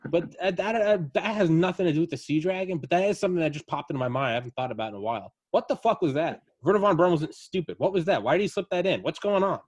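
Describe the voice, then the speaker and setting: A man chatting casually as a podcast co-host, telling a rambling, animated story full of fillers. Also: fairly high pitch, fast talker, hardly any pauses. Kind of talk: casual chat.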